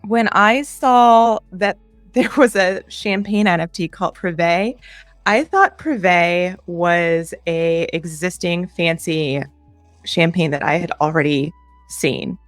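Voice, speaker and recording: A woman with a Chicago accent hosts a casual explainer, chatty and quick to poke fun at herself. Her voice sits low with a dry, close sound. Faint music plays behind her. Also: dry recording. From Chicago, US Midwest. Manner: chatty, self-deprecating, laughs often. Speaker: crypto video host.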